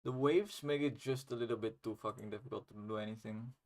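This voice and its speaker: A man's voice: medium pitch, quick pace, darkish tone. Young man casually streaming his playtesting. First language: not English. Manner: rambling, self-deprecating, swears casually. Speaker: indie game developer streaming. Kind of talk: casual livestream commentary while playtesting.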